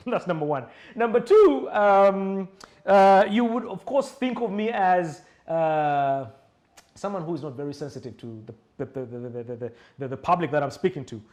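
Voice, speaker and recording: A man, coaching public speaking in a live masterclass, emphatic and animated with hesitant restarts. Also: high-pitched. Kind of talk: live online masterclass answering questions.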